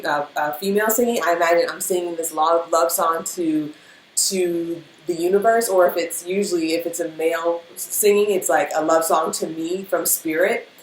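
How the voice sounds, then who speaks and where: A woman giving a casual spiritual pep talk as a reader, emotional and animated, full of fillers and repeated phrases. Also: fairly low pitch. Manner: emotional, animated, speaks in rhythm with many fillers. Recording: echoey room with faint background noise.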